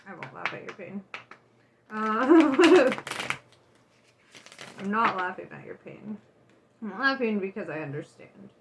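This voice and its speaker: A woman's voice: mid-range voice, animated, slow pace, creaky, pauses often, background noise. A woman giving a casual tarot reading, candid and loose, swearing and laughing often. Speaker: tarot reader.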